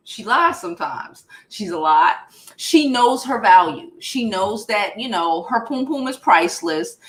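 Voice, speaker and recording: A woman's voice: mid-range voice, echoey room. A woman with a Brooklyn accent giving blunt, profane pop culture commentary in casual chat. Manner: blunt and profane, animated retelling.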